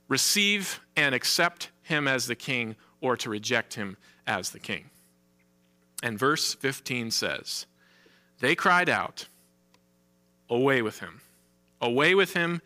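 A male pastor preaching a sermon, earnest, slowing down to stress key phrases and lifting his voice when quoting cries. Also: mid-range voice, sharp tone. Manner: earnest preaching, slows for emphasis, rising for quoted cries.

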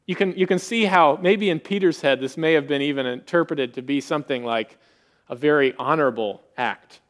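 Animated man preaching a sermon. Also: a little high, a little fast. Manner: animated, acts out quoted voices with rising emphasis. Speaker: pastor.

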